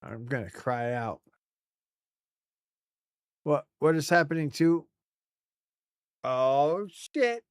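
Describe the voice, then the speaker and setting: A man streaming live gameplay, reacting loudly and excitedly to what happens on screen. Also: fairly high pitch, drawn-out words, pauses often, smooth, no echo, clean studio sound.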